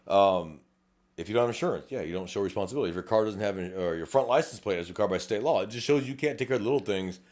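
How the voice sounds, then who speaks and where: Fast-talking blunt Texas lawman. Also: on the low side, darkish tone. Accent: South Texas. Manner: blunt, profane, rapid-fire, acts out quoted exchanges. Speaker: podcast co-host, police officer. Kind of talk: casual chat.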